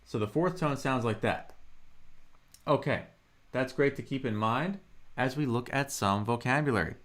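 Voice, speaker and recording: A man teaching Mandarin in a live online lesson. He draws out model words slowly and chats with viewers. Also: fairly bright tone. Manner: slow, drawn-out model pronunciations with swooping pitch; friendly, chatty asides to viewers.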